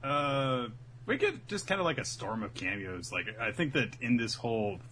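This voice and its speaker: Man, podcast co-host, casual recap, animated, bright lively voice, slightly high. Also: moderate pace, slight background noise. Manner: animated, acts out characters. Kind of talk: casual chat recapping a comic.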